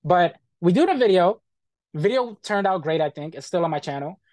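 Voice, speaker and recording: A man's voice: high-pitched, lively intonation, fairly quick, darkish tone, no echo. A man being interviewed, bluntly retelling a bad experience in casual, profane talk full of quoted back-and-forth.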